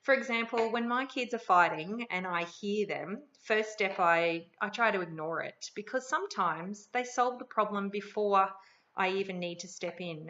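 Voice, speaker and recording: A woman's voice: mid-range voice, bright, forceful tone, lo-fi sound. A middle-aged woman with an Australian accent, a parenting educator speaking in a friendly, conversational way about her workshop. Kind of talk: promotional talk to camera.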